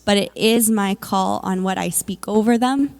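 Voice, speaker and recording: A woman tells her own story of motherhood and faith to a church audience. She speaks candidly and conversationally, often pausing on "like" and "um". Her voice carries a gravelly, fry-touched texture at a mid pitch. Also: fairly even intonation, darkish tone. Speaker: mother sharing a faith testimony. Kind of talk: personal testimony at a church service.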